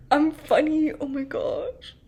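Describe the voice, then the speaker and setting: A woman's voice: sits high, a little mellow. A young woman hosting a podcast, talking casually in a chatty, bubbly, fired-up way with lots of fillers and laughter. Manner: frank and fired-up, with frequent laughter. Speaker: podcast host.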